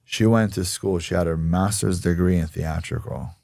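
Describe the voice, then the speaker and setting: A man with a very deep voice recounts a personal story on a podcast, often jumping into a high mimicking voice to act out others. The sound is dry and close, with no room behind it. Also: moderate pace, gravelly, no room sound. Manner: excitable, acts out others' lines in a high voice. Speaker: podcast guest telling his story.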